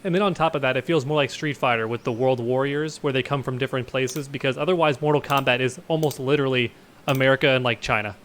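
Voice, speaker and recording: Relaxed man, faint hiss behind. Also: mid-range voice, fast talker. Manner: relaxed, explains with many "like"s. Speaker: podcast guest. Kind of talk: casual gaming chat.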